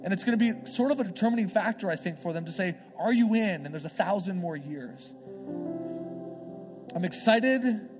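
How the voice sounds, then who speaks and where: A male pastor giving a sermon in a church, talking in a conversational, earnest way, as if thinking out loud. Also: high-pitched. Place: church sanctuary. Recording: long hall reverb, faint music behind.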